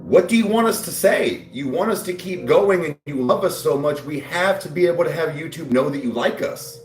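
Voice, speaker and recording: A man's voice: on the high side, expressive, fairly quick, roomy sound, a little hiss or hum. A man hosting his channel in casual chat, crude and brash, rambling and defiant. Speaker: YouTube channel host.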